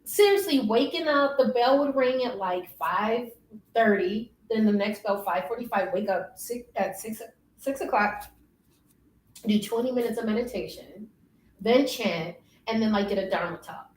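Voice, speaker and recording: A young woman telling stories in a casual interview, lively and often laughing. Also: a little high, normal speed. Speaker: interview guest. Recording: roomy, distant, faint noise.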